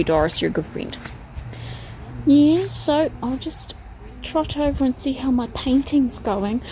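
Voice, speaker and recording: A woman chatting casually in a vlog as she wanders her garden, rambling on and sometimes cooing at her pets in a high sing-song voice. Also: warm tone, rough recording. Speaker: vlogger. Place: outdoors in a garden. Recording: outdoor noise with passing vehicles.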